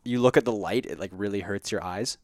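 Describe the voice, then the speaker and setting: Fast jokey podcast co-host, man. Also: fairly low pitch, dry recording, studio quality. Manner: quick, jokey, stammers on restarts. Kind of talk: casual podcast banter.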